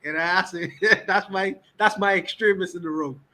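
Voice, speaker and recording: Bahamian man on a podcast livestream, high voice, forceful and repetitive. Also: steady tone, normal speed, poor audio. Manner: emphatic, repeats key words for stress.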